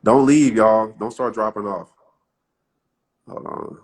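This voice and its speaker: A man in his thirties talks casually into his phone on a live stream, with a slightly low voice. He keeps a loose, chatty flow, laughs easily and drops into short motivational lines now and then. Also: slow pace, darkish tone, breathy edge. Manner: laid-back, chatty, laughs often, reads his own quotes aloud. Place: outdoors in wind.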